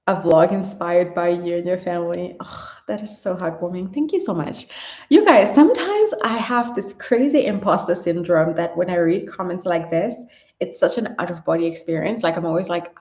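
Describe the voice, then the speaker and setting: A woman vlogger chatting casually through viewer questions, animated, laughing and trailing off now and then. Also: fairly low pitch, moderate pace, echoey room. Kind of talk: casual Q&A vlog chat.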